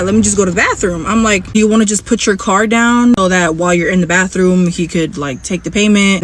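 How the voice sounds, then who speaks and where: A young woman telling a story in a casual, animated way, swearing and sassy. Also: mid-range voice, a little hiss or hum, poor audio.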